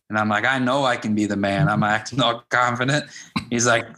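A man in his fifties, a high school wrestling coach, telling stories in a casual interview and acting out the dialogue. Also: fairly even intonation, brisk, sharp tone. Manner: anecdotal, acts out quoted dialogue with "I'm like".

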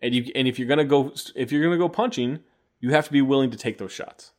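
A man co-hosting a casual basketball podcast, talking with a lot of energy and breaking into laughter now and then. He drops curse words freely and keeps the tone loose, at an ordinary pitch for a man. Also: quick pace. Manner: animated, swears casually, laughs often. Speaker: podcast co-host. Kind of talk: casual sports chat with banter.

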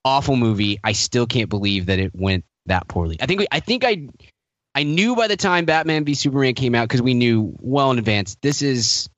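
A man's voice: mid-range voice, moderate pace, a bit bright, no echo, lo-fi sound. A man co-hosting a podcast in casual chat, wry, laughing often, rambling with restarts. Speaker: podcast co-host.

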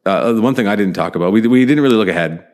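A man with a very deep voice talks sports in a loose, rambling way. He circles back often, piling on fillers and restarts as he chats casually with a co-host. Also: lively intonation, rapid-fire. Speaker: podcast host.

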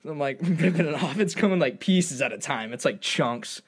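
Animated, profane young man telling a story. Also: moderate pace, husky. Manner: animated, profane, jumps into high voices for quoted lines. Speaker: storyteller guest. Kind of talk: casual chat, telling a funny story.

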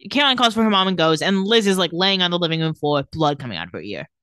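A woman's voice: on the low side, quick pace, clear, resonant tone, dry recording, studio quality. A woman casually recapping a TV episode scene by scene, acting out the characters' lines as she goes. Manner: animated storytelling, quoting characters. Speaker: podcast co-host recapping a TV episode.

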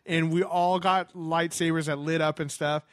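A man excitedly telling a story in casual chat, animated, with lots of fillers and restarts. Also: a little high, normal speed, dry recording.

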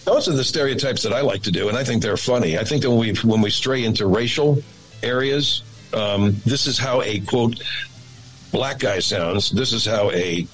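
A radio and voice actor in a casual interview, talking in a rambling, animated way. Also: male voice, medium pitch, normal speed, soft background music, low-quality recording.

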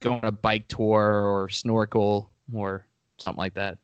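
A man's voice: lowish voice, level tone, unhurried, clear, resonant tone, no echo, highs cut off. A man co-hosting a podcast in a laid-back, casual way, full of "dude" and "like," close to a studio microphone. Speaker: podcast co-host.

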